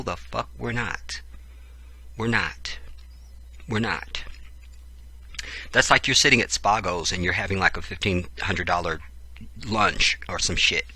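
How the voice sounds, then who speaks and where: Forceful low-voiced man ranting. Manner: profane, preachy asides between read passages. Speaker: channel host. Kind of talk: reading a book aloud with ranting commentary.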